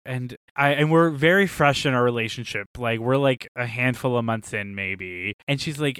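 A man's voice: medium pitch, moderate pace, hardly any pauses, smooth, dry recording. A young man co-hosting a casual podcast chat, telling stories with lots of laughter and acted-out quotes. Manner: animated storyteller, laughs often. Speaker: podcast co-host.

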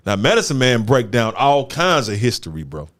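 Animated man talking with lively pitch. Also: moderate pace. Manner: animated, emphatic, street slang, repeats words for stress. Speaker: show host. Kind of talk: casual chat.

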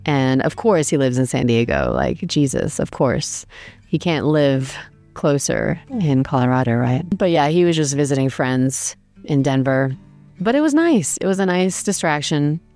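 A woman's voice: rumbling low, sing-song, measured pace, a little mellow, faint music behind. A woman casually telling a travel story, chatty and self-deprecating, with many fillers.

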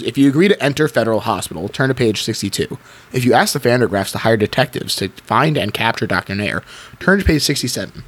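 Animated, husky-voiced man chatting. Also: medium pitch. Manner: chatty, animated, with little restarts. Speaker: podcast co-host. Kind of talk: casual chat and reading aloud.

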